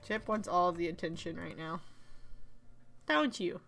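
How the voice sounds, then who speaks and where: A woman's voice: fairly low pitch, expressive, a little slow, vocal fry, a bit bright, faint music behind. A woman streaming a game live from home, chatting playfully with her viewers and her dog and laughing often. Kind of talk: live gameplay commentary.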